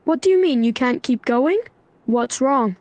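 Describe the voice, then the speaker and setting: A woman's voice: high-pitched, unhurried, no echo. A synthetic woman's voice reading a stern scolding man. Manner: even, lecturing, flatly stern. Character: stern angry young man, lecturing.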